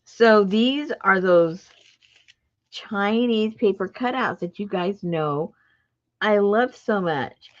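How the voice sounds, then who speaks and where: A woman hosting a live craft stream, chatting with viewers in an excitable, talkative way. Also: mid-range voice, slow pace. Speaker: craft channel host. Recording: dull lo-fi live-stream audio.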